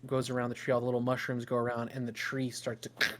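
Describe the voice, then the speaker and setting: A man's voice: mid-range voice, monotone, quick pace, fairly bright tone, slight background noise. A man narrating a tabletop game as game master, in a loose, improvised storytelling way with fillers.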